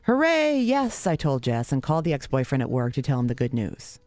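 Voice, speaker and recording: A woman's voice: steady tone, quick pace, mellow, no room sound, faint music behind. Wry, sarcastic woman telling a story. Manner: wry, sarcastic, self-mocking; sudden pitch leaps for emphasis. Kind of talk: personal storytelling.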